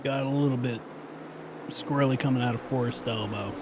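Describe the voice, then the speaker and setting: A man co-commentating a sim race live, calling the on-track action in a relaxed, unhurried way. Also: medium pitch, noisy background.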